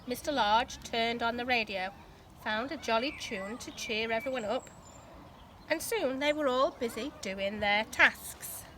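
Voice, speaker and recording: A woman teacher reading a storybook aloud to children, expressive and asking the listeners questions along the way. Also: a little high, a little slow, slight background noise, poor audio.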